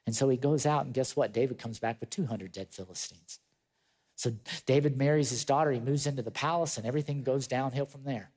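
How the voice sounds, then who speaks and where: A male pastor preaching a sermon, retelling a story with lively acted-out voices and chatty asides to his congregation. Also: mid-range voice, fairly quick. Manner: animated storytelling, acting out quoted voices.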